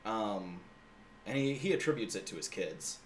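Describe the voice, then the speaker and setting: A man's voice: fairly low pitch, animated, normal speed, slight background noise. A man in casual chat, laid-back and hesitant, with many ums and likes.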